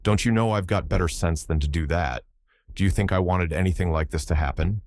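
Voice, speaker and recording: A man playing a bitter young man in an audiobook, sneering and resentful, deep voice. Recorded dry and close with no room sound. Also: fairly quick, darkish tone, no echo, close to an everyday voice.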